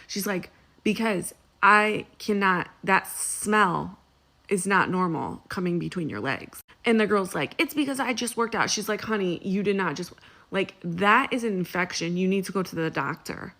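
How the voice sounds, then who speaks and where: A woman chatting casually in a reaction video, telling the story in an animated way and acting out both sides with sassy asides. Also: medium pitch. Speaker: social media commentator.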